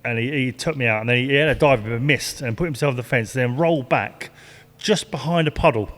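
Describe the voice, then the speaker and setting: Older bloke yarning about racing, laughing a lot, swears, echoey big room. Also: male voice, medium pitch, fairly quick, fairly bright tone. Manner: rambling anecdotes, laughs often, swears. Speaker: retired stock car driver. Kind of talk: casual storytelling interview. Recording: long hall reverb.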